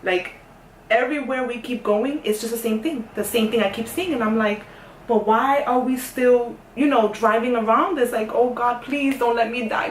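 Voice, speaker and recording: Animated New woman telling a story. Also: fairly high pitch, fairly quick, distant mic, a little hiss or hum. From New York. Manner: animated, sassy, swings from hushed to loud. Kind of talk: casual storytime. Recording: echoey room, voice off-mic.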